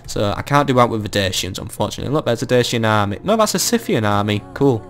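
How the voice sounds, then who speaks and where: A man's voice: lowish voice, expressive, quick pace. Exasperated young man ranting over a game. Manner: swearing, exasperated, ranting, with bursts of mock outrage. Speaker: gaming let's-play host. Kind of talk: casual gameplay commentary. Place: at home, keeping his voice down.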